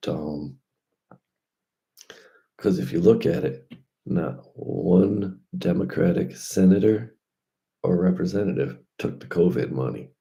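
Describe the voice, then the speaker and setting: A man's voice: deep voice, creaky, dark tone. A man talking casually and loosely in slangy speech, drifting from point to point in a vlog monologue. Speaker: crypto vlogger.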